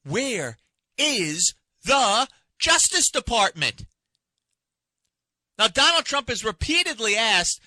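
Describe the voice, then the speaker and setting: A man's voice: extremely high pitch, big pitch swings, slow pace, long pauses, pushed and bright, no echo. Fired-up male talk radio host. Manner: impassioned, indignant rhetorical questions. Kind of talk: opinionated talk radio monologue. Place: radio studio. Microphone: studio microphone.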